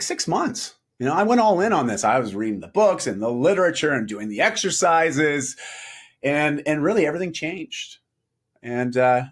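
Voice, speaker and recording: A middle-aged man tells a personal story as a podcast guest, animated and quick to laugh, acting out the voices of the people he quotes. His pitch sits fairly high and swings widely. The tone is husky and slightly rough. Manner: animated, laughs often, acts out quoted dialogue. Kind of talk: storytelling in a casual interview.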